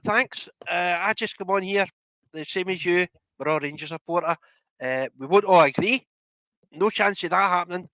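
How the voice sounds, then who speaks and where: Bright, chatty Scottish man. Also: high voice, moderate pace, no room sound, poor audio. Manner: chatty, laughs often, breaks into rants. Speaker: podcast guest. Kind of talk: casual podcast chat.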